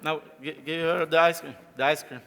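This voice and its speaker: A man's voice: fairly high pitch, steady tone, brisk, gravelly, sharp tone, slight background noise. A man giving a live coding talk on stage, playful and laughing often as he directs volunteers. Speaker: conference speaker. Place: conference stage. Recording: echoey conference hall with audience.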